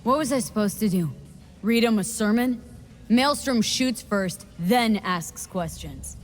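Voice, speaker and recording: A woman's voice: medium pitch, a little slow, lightly acted. A woman playing a blunt, wry mercenary. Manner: blunt, clipped, sardonic. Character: tough, wry female mercenary. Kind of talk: game dialogue. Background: music.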